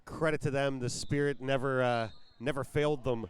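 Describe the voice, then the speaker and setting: A man's voice: mid-range voice, steady tone, normal speed, clean tone. A man doing live roller derby commentary, joking and laughing as he reads out roster names and numbers.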